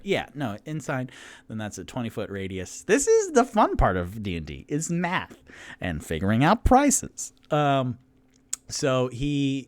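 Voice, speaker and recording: A man's voice: mid-range voice, no echo. A man narrating a tabletop game he runs alone as dungeon master, rambling, with many ums and self-corrections.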